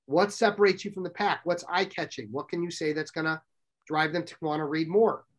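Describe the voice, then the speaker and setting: A middle-aged man presenting a workshop to a live audience, brisk and direct, often asking the audience questions. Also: fairly high pitch, fairly even intonation, fairly bright tone.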